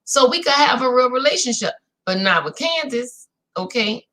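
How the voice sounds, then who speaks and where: A recap host with a slightly high voice talks at a moderate pace, casually summing up a reality show. She's from New Orleans, Louisiana, speaks with that city's accent, and stays animated and chatty, calling her audience "y'all."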